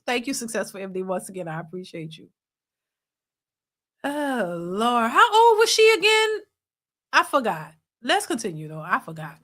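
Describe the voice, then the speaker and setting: A woman's voice: a little high, very animated, moderate pace, fairly bright tone. A woman hosting a live reaction stream, laughing often and reading viewer super chats aloud. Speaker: reaction channel host.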